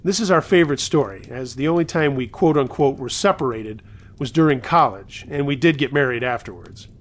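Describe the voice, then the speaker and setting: A man narrates submitted true scary stories at a mid-range pitch. His reading is conversational rather than theatrical, and he drops in wry asides between the events. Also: fairly quick.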